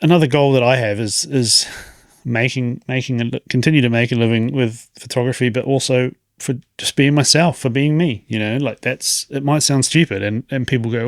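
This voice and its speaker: In a casual podcast monologue, a man in his late thirties muses in a rambling, reflective way, with frequent chuckles. His medium-pitched voice moves briskly, captured at studio quality with no room sound.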